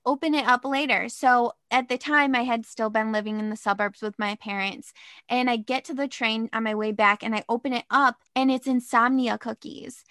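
A young woman telling a dating story in casual chat, animated and dramatic, with lots of "like". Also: on the high side, no echo, studio quality.

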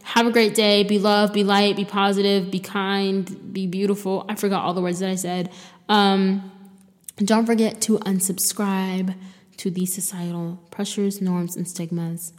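A woman's voice: mid-range voice, flat delivery, measured pace, big-room sound. A young woman hosting a solo podcast, talking in a rambling, chatty way full of fillers and restarts. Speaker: podcast host. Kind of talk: casual solo podcast sign-off.

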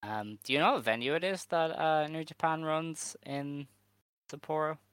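A man's voice: on the high side, normal speed, a bit bright, smooth, no room sound. A man with a Dublin accent co-hosting a podcast in casual, joking chat, laughing easily. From Ireland. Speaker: podcast co-host.

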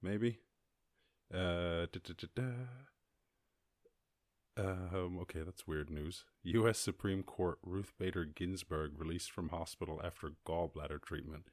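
An Irish man hosting a casual solo podcast, reading news and rambling with lots of swearing and squeaky silly voices for other people. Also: steady tone, unhurried, dry recording, studio quality. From Ireland. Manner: rambling, profane, jumps into high squeaky voices for quoted people and animals. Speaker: podcast host.

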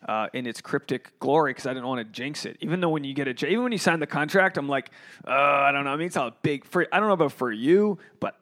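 A man's voice: mid-range voice, gravelly. A man hosting a podcast, telling jokey, profane stories in a rambling, casual way, recorded at a holiday resort. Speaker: podcast host, comedian.

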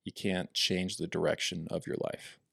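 Laid-back lower-voiced man, dry sound. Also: moderate pace, vocal fry, slightly rough, dry recording. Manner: relaxed, rambling with many fillers. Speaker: podcast co-host. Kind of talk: casual chat.

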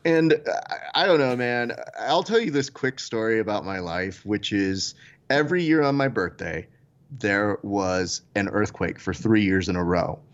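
A man in his thirties from California, co-hosting a podcast and telling stories in a casual chat, voice jumping high on quoted exclamations. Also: normal speed, lo-fi sound. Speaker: podcast co-host.

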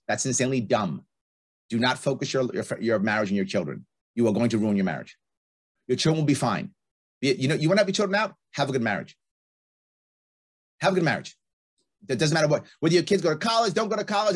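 A man's voice: mid-range voice, husky. A middle-aged man giving blunt, emphatic advice in conversation, repeating his points for effect. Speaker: guest.

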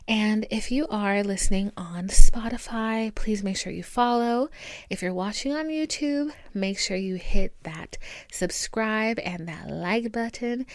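Woman podcast host, candid, profane, mid-pitched voice, dry close sound. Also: no room sound. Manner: candid and profane, warm pep-talk asides. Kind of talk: casual solo podcast monologue. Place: indoors at home with her dog. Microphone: camera recording.

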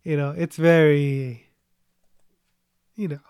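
A man's voice: on the high side, fairly even intonation, slow, darkish tone, smooth, dry recording, clean studio sound. A young man chatting casually about a movie as a podcast co-host, rambling and joking, often trailing off mid-sentence. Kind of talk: casual movie review chat.

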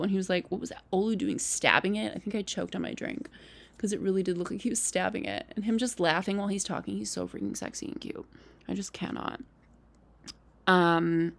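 Young woman podcast host, casual chatty recap, heavy vocal fry. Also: mid-range voice. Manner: chatty, lots of "like" and "um", animated asides. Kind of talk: casual solo recap chat.

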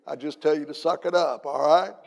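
An older evangelist with a slightly high, gravelly voice preaches a folksy sermon full of jokes and "uh"s. His words ring with a long echo through a church hall. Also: fairly even intonation, a little fast, a little mellow. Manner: folksy, joking, with many fillers. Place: church sanctuary.

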